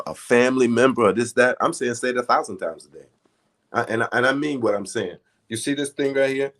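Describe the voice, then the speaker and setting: Guy with a lowish voice teaching affirmations, chants the decrees over and over, keeps saying right?. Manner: repetitive chanting of decrees, emphatic; conversational, frequent restarts and "right?". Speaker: spiritual teacher.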